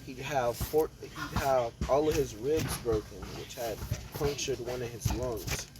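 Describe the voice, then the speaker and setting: Slow, rambling young man telling a story. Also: medium pitch, heavy background noise. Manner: meandering, with fillers and self-corrections. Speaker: storyteller narrating a fan scenario. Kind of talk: casual improvised storytelling.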